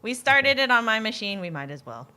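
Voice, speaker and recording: A woman's voice: a little high, very animated, a little fast, pushed and bright. A woman co-hosting a live coding stream in casual technical chat, thinking aloud and laughing often. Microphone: desk mic at a computer. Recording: faint noise, glitchy internet audio.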